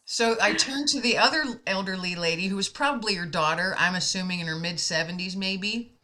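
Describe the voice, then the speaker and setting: A woman's voice: mid-range voice, brisk, pushed and bright. An American woman telling a heartfelt personal story in casual conversation, emotional and laughing often.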